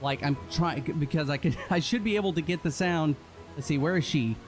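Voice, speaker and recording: A man's voice: a little high, fairly quick, faint music behind. A man playing a tabletop game, thinking aloud hesitantly as he plans his move. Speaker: player. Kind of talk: casual tabletop game talk.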